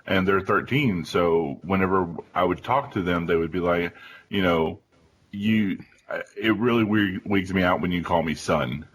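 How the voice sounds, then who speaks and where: A man in his thirties hosting a round-table discussion, telling an animated story with acted-out family dialogue. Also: deep voice, unhurried, a little hiss or hum, rough recording. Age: 30s. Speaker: podcast host.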